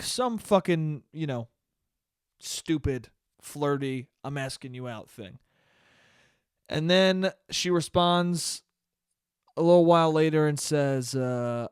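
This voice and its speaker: A young man hosting a solo podcast, telling a story in a profane, animated way and breaking into laughter. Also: fairly high pitch, a little slow, smooth, dry recording, studio quality. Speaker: podcast host. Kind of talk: casual solo podcast monologue.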